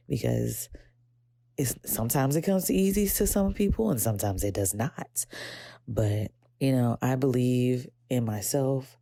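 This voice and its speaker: A woman's voice: lively intonation, a little slow, dark tone, no echo, clean studio sound. A young adult woman with a Southern American accent, hosting a podcast, talking casually and reflectively, rambling and getting teary at times. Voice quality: gravelly low voice. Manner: reflective, rambling, quotes her inner voice in high pitch. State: emotional, teary. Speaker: podcast host. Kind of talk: casual personal talk.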